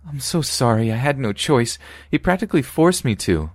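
A tearful young woman, guilt-ridden and pleading through sobs, as a male narrator puts her on. The voice is pushed up high above his own. It sounds close and dry, like a story read for a podcast. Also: expressive, measured pace, dry recording. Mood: sobbing apology. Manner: crying, pleading.

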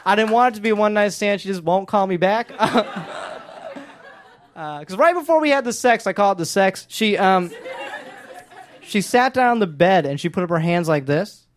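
A young man performing stand-up in a comedy club, animated, laughing at his own jokes and acting out voices. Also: high voice, moderate pace, some chatter behind. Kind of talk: stand-up set.

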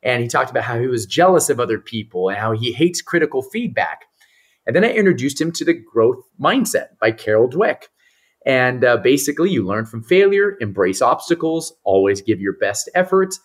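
Lively, husky-voiced man telling a story. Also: mid-range voice, moderate pace. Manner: animated storyteller who acts out the people he quotes. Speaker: guest, mental performance coach. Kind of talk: storytelling on a podcast.

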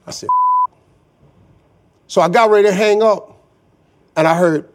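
Middle-aged guy telling his story, folksy and laid-back, slightly high voice. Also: normal speed, pauses often. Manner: folksy, says "man" often, Southern Black vernacular. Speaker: guest storyteller. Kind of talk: personal story told to an audience.

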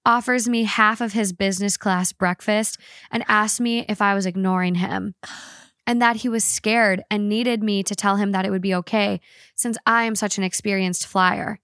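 A woman co-hosting a podcast reads a listener's story aloud expressively, then chats casually about it. Her voice is medium-pitched with fairly even intonation, a normal pace and a fairly bright tone, in a dry, clean studio recording.

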